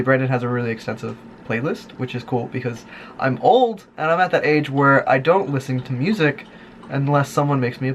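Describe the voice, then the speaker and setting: A man chatting casually to camera in a vlog, tired and a bit sick, rambling in a relaxed way. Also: creaky, a little hiss or hum. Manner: gushing high baby talk with dogs. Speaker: vlogger. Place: indoors in bed at night.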